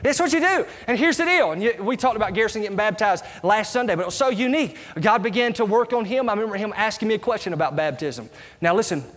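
A middle-aged man preaching a sermon as pastor, asking his congregation rhetorical questions in an animated way. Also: high-pitched, fast talker. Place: church sanctuary. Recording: live church recording with reverb and music.

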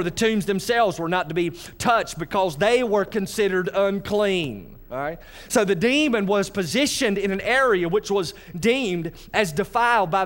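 A man preaching a sermon, animated, speaking directly to his congregation. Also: high voice. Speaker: pastor.

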